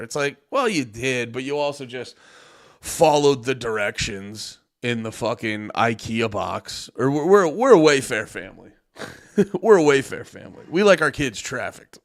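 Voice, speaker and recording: A man's voice: medium pitch, a bit bright. A man hosting a livestream, rambling casually, swearing and joking. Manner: rambling, profane, joking, laughs often. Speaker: livestream host.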